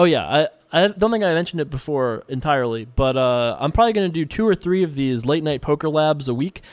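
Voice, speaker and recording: A man casually commenting on his own online poker play as host, rambling and relaxed with frequent filler words. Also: medium pitch, clean tone, no room sound. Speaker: poker player and show host.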